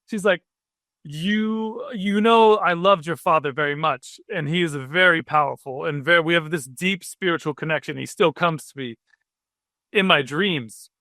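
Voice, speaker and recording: Bright-voiced man telling stories, emotional. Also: fairly high pitch, normal speed, no echo, clean studio sound. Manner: rambling, emotional, many fillers. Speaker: guest, cartoonist. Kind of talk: casual interview chat.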